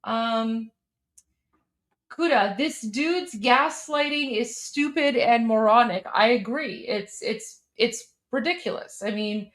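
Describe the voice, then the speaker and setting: A woman's voice: a little high, slow pace, fairly bright tone. A young adult woman from Iran, hosting a live stream and reacting to a hearing with heated, scornful commentary, often repeating herself for emphasis.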